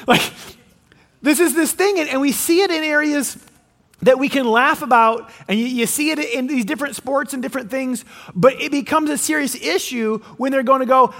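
A man preaches a sermon in an animated way, his voice sitting unusually high for a man. He slips into quoted voices and often restarts his phrases. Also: normal speed. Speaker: pastor.

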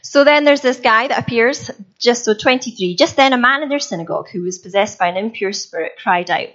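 A woman giving an informal, chatty sermon as a preacher, self-deprecating and quick to laugh. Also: a little high, a bit bright. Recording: slightly dull recording.

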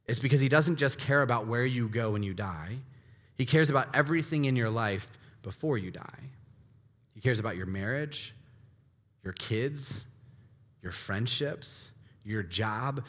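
A male pastor delivers a sermon in a voice of ordinary middle pitch. He swings from loud, pressing emphasis to hushed, slowed lines. His voice carries a long reverb from a large hall.

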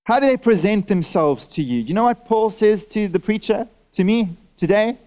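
Man, high-pitched, pastor preaching to a congregation, rhetorical questions, calls for amens, masked. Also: lively intonation, moderate pace, darkish tone, clean tone. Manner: talks directly to listeners, asks for nods and amens. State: wearing a face mask. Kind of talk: sermon. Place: church service.

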